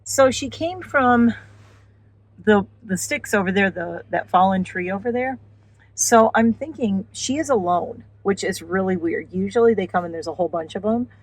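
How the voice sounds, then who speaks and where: A woman vlogging casually while filming birds from her car and yard, chatty and excitable, sometimes out of breath. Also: normal speed, no echo, low-quality recording. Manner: excited and chatty, breaks into high squeals when calling her turkey. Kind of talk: casual vlog narration. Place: in a car and outdoors in a windy yard.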